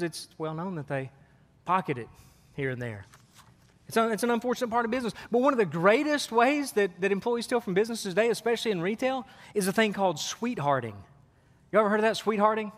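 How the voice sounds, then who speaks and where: A man in his forties preaches in a relaxed, storytelling way, leaning on asides to his congregation. His voice sits high for a man. The sound rings through a church hall with a long echo. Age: 40s. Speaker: pastor. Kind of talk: sermon. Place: church sanctuary. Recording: sermon in a hall with long reverb.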